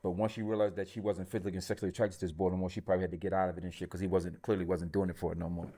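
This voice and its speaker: A man's voice: low voice, flat delivery, very fast, warm tone. A man hosting a podcast, talking bluntly in casual chat with plenty of profanity. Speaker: podcast host.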